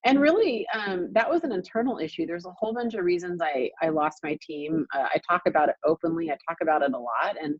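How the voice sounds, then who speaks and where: A woman's voice: on the low side, big pitch swings, fast, hardly any pauses, breathy edge, dry recording, highs cut off. A woman real estate coach leading a group coaching call, speaking emphatically and repeating points for stress, over a video call.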